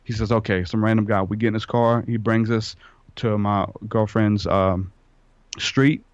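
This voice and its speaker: Low-voiced man telling a rambling story. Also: steady tone, normal speed, clean tone, dry recording. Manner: rambling, acts out quoted dialogue. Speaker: podcast guest. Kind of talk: casual storytelling. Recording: dull lo-fi sound.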